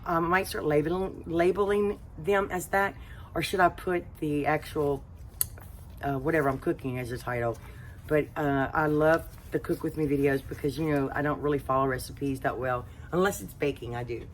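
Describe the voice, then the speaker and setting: Low-voiced Southern woman, chatty. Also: moderate pace, a little hiss or hum. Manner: chatty, rambling, many fillers. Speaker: home cooking channel host. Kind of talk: casual talk to camera.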